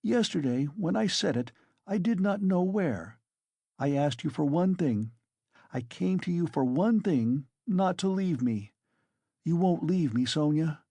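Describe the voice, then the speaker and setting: Brief: tormented bitter young student, gravelly pleading voice read by a man. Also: fairly high pitch, animated, a little slow, dark tone, no room sound, voice pushed up. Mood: despairing. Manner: anguished pleading. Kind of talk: audiobook character reading.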